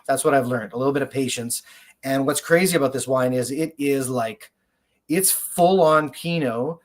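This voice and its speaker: A fairly high-voiced man speaking as a guest winemaker in a relaxed interview. He rambles with enthusiasm and fills his talk with "like" and "you know". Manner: enthusiastic, rambling, heavy use of "like". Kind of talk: casual interview chat.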